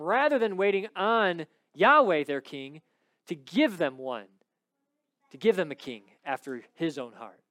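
A man preaching a sermon and reading scripture aloud. He rises high when he stresses a point, then drops low and quiet. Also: clear, resonant tone, no echo, clean studio sound.

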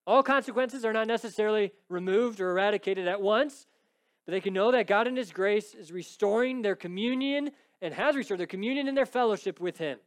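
A man's voice: sits high, a little fast, clear, resonant tone. A man preaching an expository sermon, emphatic and rising to pleading intensity when quoting scripture, often checking in with "right?". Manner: frequent "right?" checks with the congregation. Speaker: pastor.

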